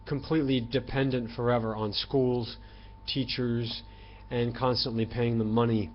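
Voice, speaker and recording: A man giving an opinionated online language lesson, talking emphatically with throat clearing and fillers. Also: dull audio. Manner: voices tones with sudden loud highs and quiet lows. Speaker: language teacher.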